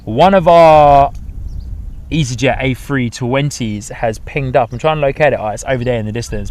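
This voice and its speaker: Chatty man hosting a plane-spotting livestream. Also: mid-range voice. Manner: chatty, reads out chat messages, upbeat asides. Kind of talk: casual live commentary. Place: outdoors at an airport.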